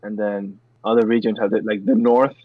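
A young man co-hosting a podcast, rambling and excitable, packing his talk with "like". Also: fairly low pitch, normal speed, no room sound. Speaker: podcast co-host. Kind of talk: casual podcast chat. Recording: dull lo-fi mic with faint noise.

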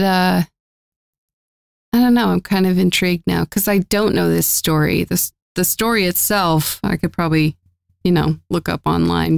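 A woman co-hosting a casual TV review chat, relaxed and agreeable. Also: fairly low pitch, vocal fry, no echo, clean studio sound. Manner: relaxed, agreeable, laughs easily. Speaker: podcast co-host.

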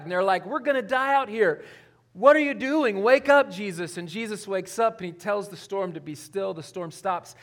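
A man preaching a sermon in a conversational way, his voice rising on questions and dropping low on key points. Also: fairly bright tone. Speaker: pastor.

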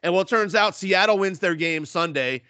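A man co-hosting a podcast, chatting casually and profanely about football with animated storytelling. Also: high voice, moderate pace, no room sound. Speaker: podcast co-host. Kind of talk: casual sports chat.

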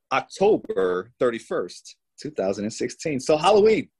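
A man guest in an interview, telling his own story in an animated way and voicing the people in it. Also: fairly high pitch, slightly rough, poor audio.

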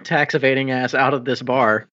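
A man's voice: medium pitch, fairly even intonation, moderate pace, pushed and bright, dull audio. A man playing a tabletop game, joking and laughing in casual chat. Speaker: player.

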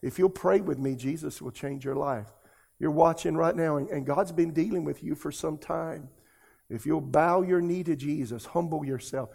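A male pastor leads an earnest, pleading altar call. His voice sits a little high for a man, with a gravelly, husky texture. He speaks with heartfelt emotion throughout. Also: moderate pace, darkish tone.

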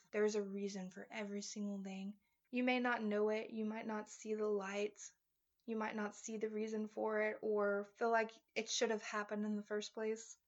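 A woman's voice: mid-range voice, highs cut off. A woman hosting a faith podcast, talking in an earnest, encouraging and heartfelt way, ending in prayer. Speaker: podcast host.

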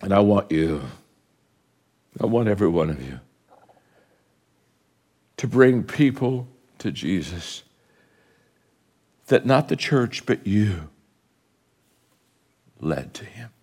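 A man preaching a sermon, telling stories with quoted dialogue, rising to fervent exhortation and closing in soft prayer. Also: sing-song, slow pace, long pauses, breathy edge. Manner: impassioned, climbing high and loud when exhorting. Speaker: guest preacher.

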